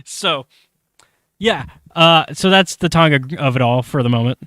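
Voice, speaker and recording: Recorded in a clean studio with no room sound, this podcast host has a slightly high, somewhat bright voice. He casually recaps a comic story in a rambling way, briefly acting out the characters in fast asides.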